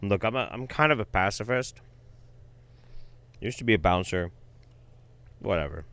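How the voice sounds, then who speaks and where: Male commentary host, swears a lot, exasperated, very animated, bright and dry close mic. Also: fairly low pitch, normal speed, smooth, dry recording. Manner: profane, exasperated. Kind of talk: reaction commentary on a video.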